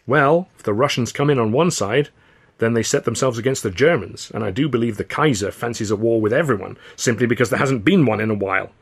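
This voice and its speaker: A man's voice: mid-range voice, a little fast, breathy edge. A man voicing a serious, zealous aviator who speaks in an earnest, formal, insistent way. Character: serious adult male aviator, zealous about warplanes.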